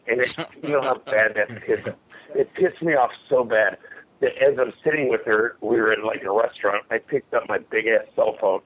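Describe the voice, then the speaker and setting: A man's voice: medium pitch, normal speed. A man in his forties, a guest telling old fight stories in a blunt, rambling way, swearing freely. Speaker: podcast guest, former fighter. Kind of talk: storytelling in a casual interview. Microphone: phone line. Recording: tinny phone line, faint hiss.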